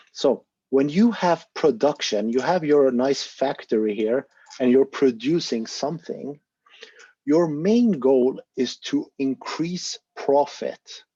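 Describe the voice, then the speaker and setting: A man's voice: mid-range voice, dark tone, slightly rough, dry recording, highs cut off. A man leading an online discussion, talking in an earnest, encouraging way and thinking aloud with fillers. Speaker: volunteer presenter of an online discussion. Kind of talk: casual explanatory talk on a video call.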